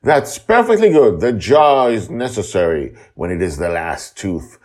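A man voicing an excitable pirate captain father who calls out in loud, theatrical pirate style. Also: lowish voice, a little slow, pitched above the performer's own voice. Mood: grand. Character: booming excitable male pirate captain dad.

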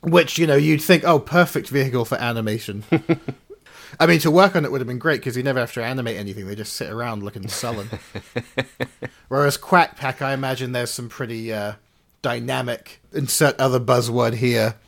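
An easygoing male co-host chatting casually, wandering through his thoughts with plenty of fillers. His voice sits in a middle range for a man, relaxed and conversational. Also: mid-range voice, normal speed, gravelly. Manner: rambling, hesitant, many fillers and restarts. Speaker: podcast co-host. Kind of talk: casual chat.

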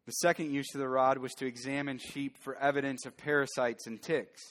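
A man's voice: medium pitch, flat delivery, fairly quick, a bit bright. A man preaching a sermon as pastor, earnest and building to fervent emphasis. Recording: long church hall reverb.

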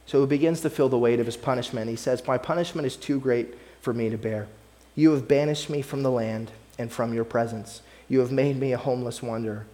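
A man's voice: mid-range voice, steady tone, fairly quick, mellow. A man preaching a sermon in an earnest, conversational way, often repeating his phrases. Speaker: pastor.

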